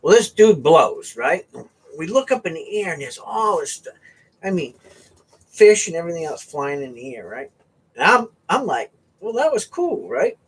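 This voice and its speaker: Husky, lively storytelling man. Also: on the high side, normal speed. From US East Coast. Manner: animated, tags sentences with "right?" and "okay?". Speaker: vlogger host. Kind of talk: casual storytelling to viewers. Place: at home.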